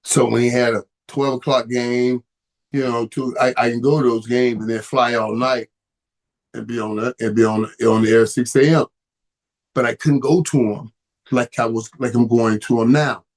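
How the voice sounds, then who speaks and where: A man's voice: medium pitch, level tone, normal speed. A middle-aged man hosts a live stream in a loose, conversational way. He stumbles over his words and doubles back on them, and he grows passionate and heated as he goes. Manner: stammering, repeats words, gets emotional and heated. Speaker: host. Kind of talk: casual live-stream talk.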